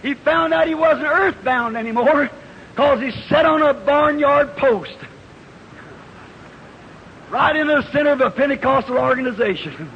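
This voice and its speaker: A man preaching a revival sermon, telling a folksy story that builds into shouted fervor, heard on an old archival tape. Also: very high-pitched, expressive, a little slow, pauses often, a little hiss or hum. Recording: dull old archival tape in a reverberant hall.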